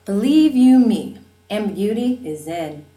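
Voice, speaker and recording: A woman's voice: mid-range voice, expressive, slow, mellow, soft background music, pitched above the performer's own voice. A woman narrating an audiobook, voicing a jokey, upbeat father with a wry, reassuring manner. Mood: breezy. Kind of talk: audiobook reading.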